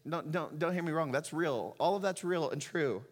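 A man's voice: on the high side, moderate pace, in a large hall. A middle-aged man preaching a sermon as pastor, emotional and rising to impassioned cries as he reads scripture.

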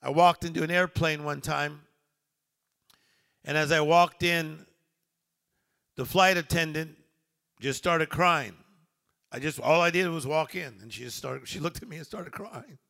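Male pastor, middle-aged, gravelly edge, rather high voice, emphatic sermon delivery. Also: measured pace, pauses often, bright, forceful tone. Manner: preaching with rising emphatic swells.

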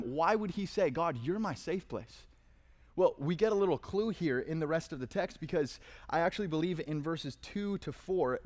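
A man preaching a conversational sermon, reading verses with dramatic emphasis. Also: on the high side. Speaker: pastor.

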